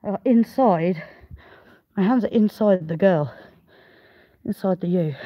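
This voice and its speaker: A woman's voice: lowish voice, slow pace, long pauses, muffled recording. A woman filming a farm vlog in a sheep pen, coaxing and urging a ewe while she works and talking to viewers between sighs. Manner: effortful, sighing, swears while wrestling a sheep. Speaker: farmer vlogger.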